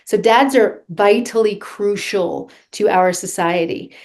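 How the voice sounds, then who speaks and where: A woman's voice: mid-range voice, slow, a little mellow. Earnest woman vocal coach. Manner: earnest, instructive, guides listener through breathing. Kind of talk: podcast interview, coaching.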